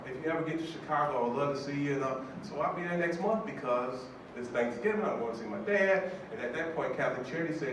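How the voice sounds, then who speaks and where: A man in his fifties, a judge, tells a personal story to an audience with animated, emotional delivery and acted-out voices. His voice sits in a middle range and echoes heavily through a hall, picked up from afar with background noise. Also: mid-range voice, quick pace, hardly any pauses, far from the mic. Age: 50s.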